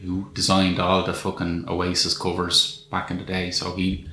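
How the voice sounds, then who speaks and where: A man with a low, bright, tense voice, talking casually and swearing freely as he picks apart a film scene. He sounds like he's in an echoey room with a faint hiss behind him. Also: monotone, moderate pace, creaky. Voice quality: sweary, wry storytelling. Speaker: podcast co-host. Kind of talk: casual film review chat.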